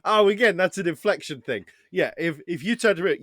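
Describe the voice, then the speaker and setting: Podcast guy, animated, acts out quotes, swears a lot, bouncy voice, dry sound. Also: high voice, fairly quick, dry recording. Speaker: podcast guest. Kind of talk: casual chat.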